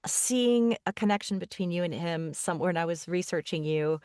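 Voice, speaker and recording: A woman hosting a podcast interview, speaking in an earnest, soft-spoken and affirming way. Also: on the low side, a little fast, clear, resonant tone, dry recording, studio quality. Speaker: podcast host. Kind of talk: conversational interview.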